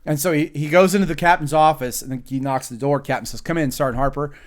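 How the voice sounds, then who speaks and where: A man's voice: fairly high pitch, fairly even intonation, quick pace. A young man hosting a casual podcast, telling stories and acting out the people in them. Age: young adult. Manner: profane storytelling with quoted voices. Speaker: podcast host. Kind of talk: casual chat.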